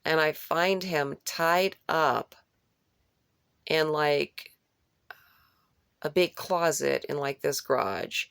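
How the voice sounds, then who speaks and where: Woman with a deep raspy voice rambling through a dream she had, keeps repeating herself, dead dry room. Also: slow pace, long pauses, fairly bright tone, no echo. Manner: repeats phrases for emphasis; rambling, with restarts and searching for words. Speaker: vlogger recounting a dream. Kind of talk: unscripted personal retelling of a dream.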